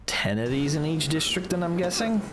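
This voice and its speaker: A man's voice: fairly high pitch, lively intonation, normal speed. A man doing let's play commentary as a gaming streamer, ranting with profane exasperation. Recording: clear background noise.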